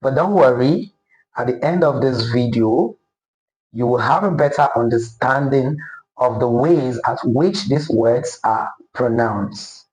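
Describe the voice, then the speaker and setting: A man teaching English pronunciation, deliberate and repetitive, often checking in with his listeners. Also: medium pitch, a little mellow. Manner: deliberate, repeats words and checks in with "okay?". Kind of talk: classroom-style pronunciation lesson. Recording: roomy echo.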